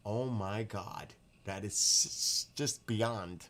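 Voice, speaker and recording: A man hosting a casual livestream from his backyard at night, excitable, exclaiming and laughing often as he reads the chat. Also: on the low side, slow pace, hardly any pauses. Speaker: livestream host.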